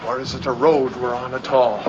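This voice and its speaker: An actor playing a man on a foggy road in a low-budget film, with theatrical delivery. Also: flat delivery, brisk, muffled recording, lightly acted. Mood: worried. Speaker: film character. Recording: distant, echoey film audio with outdoor noise.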